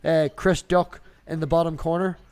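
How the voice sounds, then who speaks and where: A man's voice: on the high side, flat delivery, moderate pace, a little mellow, smooth. A man with a Northern Irish accent from near Newry, hosting a casual hangout chat and talking bluntly with plenty of swearing. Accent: Northern Irish, Newry border area. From Northern Ireland, near Newry. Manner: blunt, swearing, chatty storyteller. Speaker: stream host. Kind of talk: casual chat on a video call.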